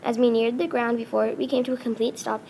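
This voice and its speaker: Halting woman reading her story aloud. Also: fairly high pitch, flat delivery, gravelly, warm tone, a little hiss or hum. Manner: halting, with frequent restarts and self-corrections.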